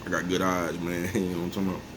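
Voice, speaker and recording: A vlogger in his forties speaks to his viewers in a low-pitched, flat, rapid-fire voice. His monologue is casual and rambling; he's laid-back, chuckles to himself often, and keeps asking "you know what I'm talking about" to check they follow. Faint background noise is audible.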